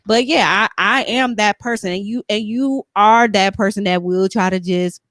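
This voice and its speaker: An earnest woman hosts a podcast in easygoing conversation, her voice sitting at a middling pitch. She speaks encouragingly, circling back to check that her listener follows. The recording is close and dry, with no room sound. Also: normal speed, a bit bright, no echo. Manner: earnest, encouraging, repeats "you know what I'm saying". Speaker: podcast host. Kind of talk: casual chat.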